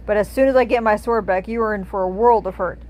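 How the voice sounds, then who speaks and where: A gruff male warrior who trusts no one, as a woman reads his part. He speaks bluntly and drips sarcasm, sometimes slowing down to drive a point home. A plain storybook reading voice. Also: medium pitch, a little mellow, lightly acted. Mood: suspicious.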